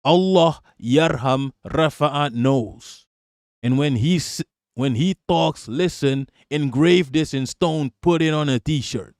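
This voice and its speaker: A man's voice: fairly high pitch, slow, no echo, clean studio sound. A man live-streaming as host, reacting to political clips in heated, profane commentary and repeating lines for emphasis.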